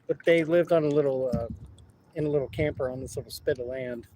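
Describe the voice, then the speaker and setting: A man tells loose, laughing stories while out on the river, cursing freely as he goes. His voice sits a touch high for a man. Faint outdoor noise hangs behind him. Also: fairly quick, dark tone, poor audio. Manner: rambling, laughing, swears freely. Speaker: vlogger. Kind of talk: casual storytelling while kayaking.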